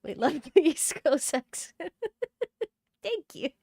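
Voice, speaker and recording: Giggly high-voiced woman streamer. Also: big pitch swings, takes it slowly, creaky, a little mellow. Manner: giggly, playful. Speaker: game streamer. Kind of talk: casual chat while playing.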